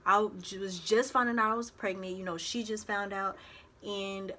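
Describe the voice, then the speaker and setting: A woman's voice: mid-range voice, normal speed. Young woman telling a personal story. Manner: animated retelling, acts out others' voices. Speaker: vlogger. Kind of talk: casual storytelling.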